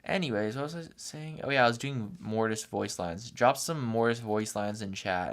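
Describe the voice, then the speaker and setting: A man's voice: fairly low pitch, normal speed, hardly any pauses. Guy streaming while he draws, joking around with chat, laid back. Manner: playful, teasing banter. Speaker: live streamer. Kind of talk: casual chat while drawing.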